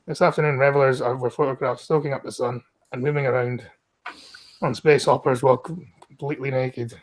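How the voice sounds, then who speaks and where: A Scottish man hosts a live stream, reading the news aloud. He moves through it quickly and cuts in with blunt, profane jokes at the expense of the people in each story. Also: mid-range voice, fairly even intonation. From Scotland.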